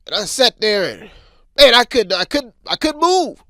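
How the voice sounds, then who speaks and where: A man hosting a weekly headlines show, telling stories in a lively, animated way and acting out the voices of others. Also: very high-pitched, moderate pace, no echo. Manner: animated storytelling, acts out voices. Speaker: news show host. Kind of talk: casual news commentary.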